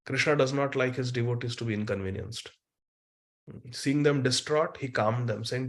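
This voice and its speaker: A man giving a scripture lecture who chants Sanskrit verses and then retells the story with animated explanation. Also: mid-range voice, normal speed. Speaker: spiritual teacher.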